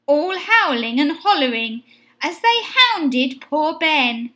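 A woman teacher reading a children's picture book aloud in an expressive, sing-song way. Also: sits high, slow pace. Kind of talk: storybook read-aloud.

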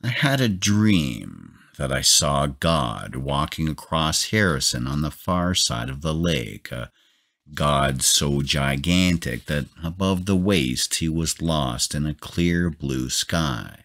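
A man calmly narrating a novella as a bedtime audiobook reading. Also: a bass voice, vocal fry. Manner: calm, measured.

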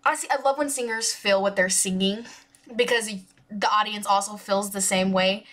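A woman hosting a music reaction video, talking in a gushing, excitable way, full of exclamations and filler "like"s. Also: medium pitch, normal speed. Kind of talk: casual music reaction commentary. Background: music video playing faintly.

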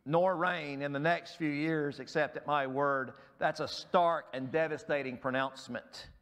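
Pastor, male, slightly high voice, emphatic pulpit delivery, hoarse. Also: steady tone, unhurried, a bit bright. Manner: emphatic preaching, rising sharply on key words. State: losing his voice. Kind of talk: sermon. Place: church.

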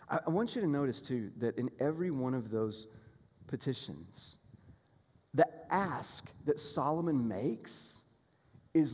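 A man preaches in a church sanctuary, his voice sitting a little high for a man. He talks earnestly and emphatically, building toward appeals and repeating key phrases. A long reverb from the hall trails behind each phrase. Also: darkish tone, slightly rough. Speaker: pastor. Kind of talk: sermon.

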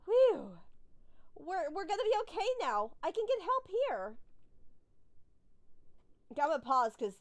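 A young woman giving excitable, nervous commentary while playing a horror game, swearing often. Her voice is high and swings widely in pitch. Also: measured pace, pauses often. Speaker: gaming video creator.

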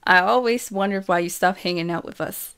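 A woman's voice: fairly low pitch, fairly quick, a bit bright, clean tone. A woman voicing a cocky, teasing teenage boy in an audiobook reading, in a playful, lightly mocking way.

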